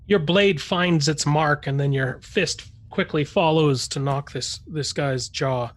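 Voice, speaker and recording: A man's voice: fairly high pitch, slow. A man running a tabletop game as game master, narrating with many fillers and restarts.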